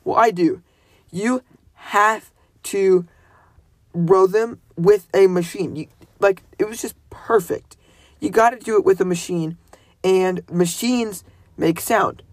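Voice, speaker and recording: A man's voice: sits high, slow pace, pauses often, no room sound. A man casually commenting on a movie, chatty and correcting himself as he muses. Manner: chatty, self-correcting musing.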